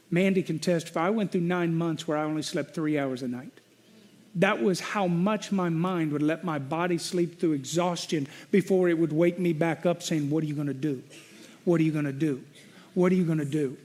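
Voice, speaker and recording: A sermon from a middle-aged man who pastors, with a high voice: he recounts a personal story, moving from loud venting to quiet, reflective moments and back.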